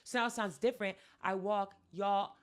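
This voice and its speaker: A woman co-hosting a podcast, telling a story in casual chat, acting out quotes loudly and laughing often. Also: medium pitch, fairly even intonation, moderate pace. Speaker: podcast co-host.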